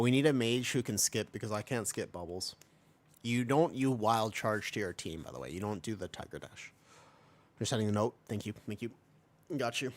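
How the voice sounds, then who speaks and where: A young man from America, streaming a game and chatting casually with viewers, rambling and joking as he answers chat. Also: lowish voice. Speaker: livestreamer. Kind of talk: casual livestream chat while gaming.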